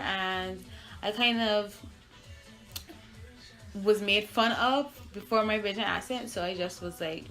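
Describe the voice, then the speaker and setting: A young woman from Barbados with a mixed Barbadian and American accent, chatting casually through a makeup tutorial. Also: medium pitch. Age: young adult. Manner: chatty, relaxed, with fillers. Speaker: beauty vlogger.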